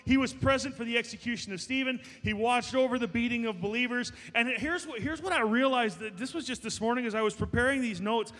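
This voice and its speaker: A man's voice: extremely high pitch, fast talker, few pauses, a bit bright, long reverb tail. A man preaching a sermon as pastor, emphatic and building to raised, passionate delivery.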